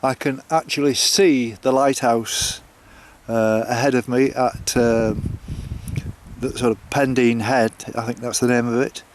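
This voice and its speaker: A man's voice: mid-range voice, fairly even intonation, a little slow, slight background noise. A man walking a coastal path and chatting to the camera, hesitant, with many fillers and restarts. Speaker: walking vlogger. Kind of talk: casual chat to camera.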